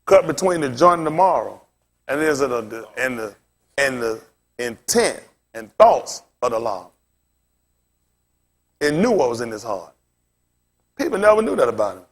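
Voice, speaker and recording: A man leads a scripture lesson in a casual preaching style. His voice sits a little high, and he keeps pressing his listeners with rhetorical questions. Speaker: pastor teaching a Bible lesson. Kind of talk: informal sermon-style teaching.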